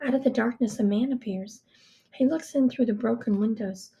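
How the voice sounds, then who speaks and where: Woman reading a story aloud, hushed and close, kinda high voice, soft mellow tone. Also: moderate pace, creaky. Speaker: audiobook reader. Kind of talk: first-person storybook narration.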